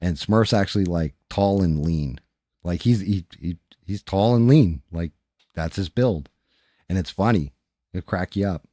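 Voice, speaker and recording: A man's voice: low-pitched, a little slow, warm tone, no echo, studio quality. A man hosting a live stream, chatting casually and rambling to viewers with frequent profanity, into a microphone. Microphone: studio microphone.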